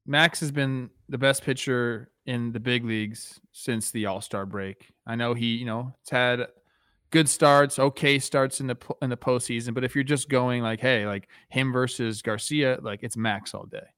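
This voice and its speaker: Relaxed joking man on a podcast. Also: medium pitch, normal speed, clean tone, no echo, studio quality. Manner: relaxed, joking, trails into laughter. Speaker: podcast co-host. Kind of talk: casual sports chat.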